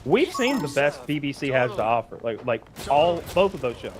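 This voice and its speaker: Guy guesting on a podcast, stammers and restarts a lot, animated stories. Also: mid-range voice, normal speed, over music. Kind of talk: casual chat.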